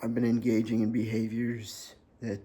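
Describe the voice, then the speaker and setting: A man in his thirties from New Jersey, talking about his life in a personal vlog, sarcastic and hesitant with many pauses and ums. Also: mid-range voice, completely flat delivery, warm tone, slightly rough. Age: 30s. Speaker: vlogger.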